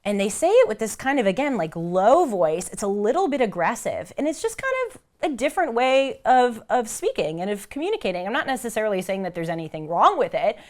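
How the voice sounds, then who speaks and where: A young American woman talking to the camera about travel and history in a chatty, animated way, acting out the voices she quotes. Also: fairly high pitch, brisk, few pauses. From United States. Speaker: vlogger. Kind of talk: casual talk to camera.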